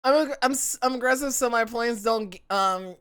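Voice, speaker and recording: A woman's voice: fairly high pitch, normal speed, a bit bright, clean tone. A woman from the United States streaming live, chatting casually with viewers in a rambling way, often cutting herself off mid-sentence.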